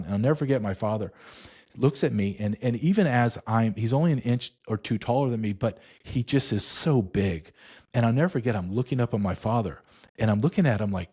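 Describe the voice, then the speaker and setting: A middle-aged man telling a story in an interview, emphatic and intense, slowing down for dramatic weight. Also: lowish voice, warm tone, husky. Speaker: interview guest, former border agent.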